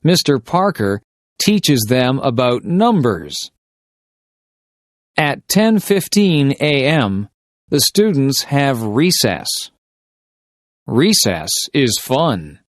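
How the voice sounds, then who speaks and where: A man reading simple short stories slowly and deliberately for English shadowing practice. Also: medium pitch, big pitch swings, dry recording, clean studio sound. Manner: deliberate, carefully paced reading of short sentences. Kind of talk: slow scripted story reading for shadowing practice.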